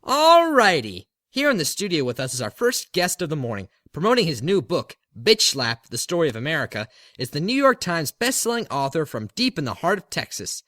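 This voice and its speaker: A man's voice: fairly high pitch, sing-song, a little fast, few pauses, fairly bright tone, dry recording. A man co-hosting a comedy talk-show sketch, dry and exasperated with his guest. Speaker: co-host.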